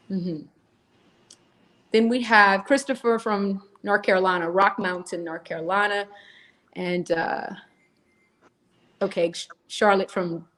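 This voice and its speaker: A woman co-hosting a live stream, chatty and laughing as she greets viewers by name. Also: mid-range voice. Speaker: co-host. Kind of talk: live-stream chat, reading out viewer names.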